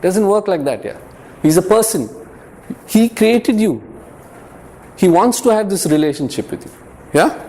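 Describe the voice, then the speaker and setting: A man's voice: sits high, lively intonation, unhurried, long pauses, warm tone. A man giving an informal faith talk to a youth group, earnest and conversational, often repeating words and checking in with the room. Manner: conversational, earnest, lightly humorous.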